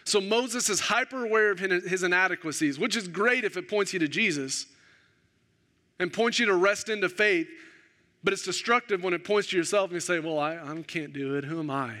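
A male pastor preaching a sermon, animated and self-deprecating, acting out the dialogue of the story. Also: sits high, a little fast.

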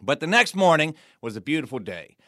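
A man spins a folk tale, folksy and playful, dropping wry asides. His voice is bright and sharp, a touch high, and sits close and dry on the mic. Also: big pitch swings, a little fast, no echo. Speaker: storyteller. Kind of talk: performed folk tale narration.

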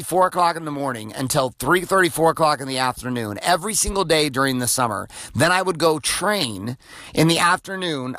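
A man's voice: a little high, bright, forceful tone, dry recording. A man in his forties, the host, giving an off-the-cuff motivational monologue in an intense, profane way, full of "like". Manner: profane, intense, filler-heavy. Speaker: podcast host.

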